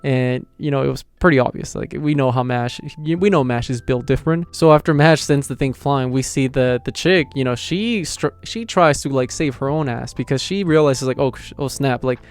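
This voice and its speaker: A young man excitedly recapping an anime episode in slangy, casual talk. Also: medium pitch, normal speed, few pauses, smooth. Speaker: anime reviewer.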